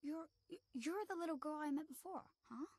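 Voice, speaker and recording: A timid little game boy, high voice, always confused, asking questions. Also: brisk, a little mellow, no room sound, studio quality. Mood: puzzled. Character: young boy, timid and puzzled.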